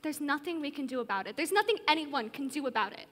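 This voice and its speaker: A woman's voice: high voice, expressive, fast talker, a bit bright, long reverb tail. A teenage girl playing an anxious, sensible orphan girl on a church stage. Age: teens. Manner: anxious and resigned. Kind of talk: live stage acting.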